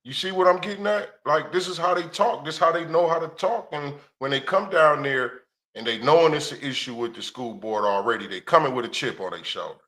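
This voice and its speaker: A man's voice: on the high side, a little fast, fairly bright tone. A man co-hosting a casual talk show, laid-back and slangy, often asking if you know what he means. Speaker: co-host.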